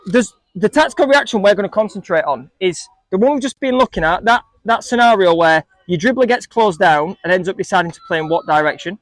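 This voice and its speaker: A man's voice: high-pitched, lively intonation, quick pace, hardly any pauses, no room sound. A man coaching a group of young football players, asking them questions and joking with them. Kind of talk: coaching talk to a group of kids.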